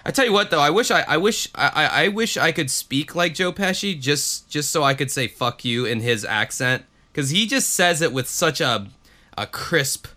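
Bright-voiced, blunt man. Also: fairly high pitch, moderate pace. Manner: blunt, profane, animated. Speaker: podcast co-host. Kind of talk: casual chat.

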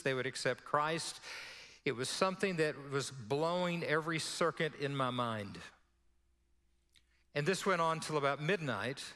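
A man's voice: a little high, bright, forceful tone. A male pastor telling a story in a sermon, acting out the dialogue as he goes. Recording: long hall reverb.

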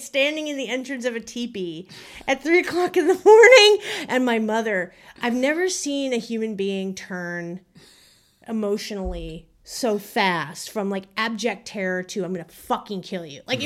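A woman's voice: fairly high pitch, animated, unhurried. A woman telling a personal story on a podcast in a casual, chatty way, with many fillers and building suspense.

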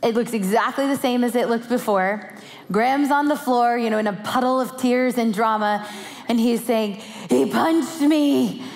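Animated storytelling woman in echoey hall. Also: a little high, normal speed. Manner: animated, acts out her children's voices. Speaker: pastor's wife and co-speaker. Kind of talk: storytelling sermon talk.

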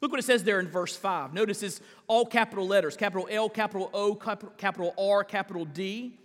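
A male pastor preaching a live sermon in a church, emphatic, with big swings in pitch and drawn-out stressed words. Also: big-room sound. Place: large church sanctuary.

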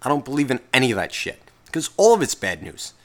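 A man's voice: mid-range voice, very animated, fast talker. Profane rambling male podcast host. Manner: profane, rambling, self-interrupting. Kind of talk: casual solo podcast rant.

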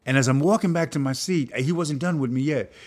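An older man, a filmmaker and professor, telling a story and acting out the voices of people in it. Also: brisk. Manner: acts out voices of people in his story, jumping high in pitch. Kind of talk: animated storytelling.

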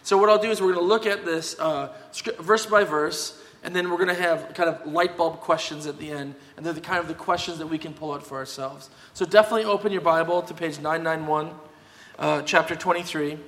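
A man preaching a sermon as pastor, talking conversationally and emphatically, often checking in with a quick "yeah?". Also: a little high, steady tone, fairly bright tone. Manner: conversational, emphatic, tag questions. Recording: long hall reverb.

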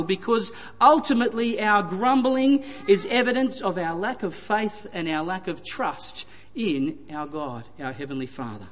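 A high-voiced man delivers a sermon, leaning on repetition for emphasis. His voice carries a long hall reverb around it. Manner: retelling scripture with emphatic repetition. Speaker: preacher.

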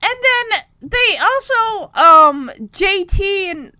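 A woman's voice: extremely high pitch, animated, slow pace, bright, forceful tone, no room sound. A woman chatting through a recap of a TV episode, laughing often and making teasing asides. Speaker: show recap host. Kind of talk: casual recap commentary.

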